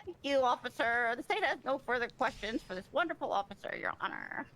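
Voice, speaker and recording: A woman's voice: fairly high pitch, expressive, quick pace, a bit bright, rough recording. Formal woman playing a prosecutor. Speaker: prosecutor in role-play. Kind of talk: formal role-play courtroom argument.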